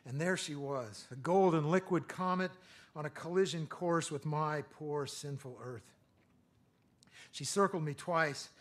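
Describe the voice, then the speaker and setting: A middle-aged man giving a lecture, reading his own poems in a measured rhythm and breaking off for hesitant asides full of fillers. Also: a little high, fairly bright tone. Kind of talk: poetry reading with spoken asides.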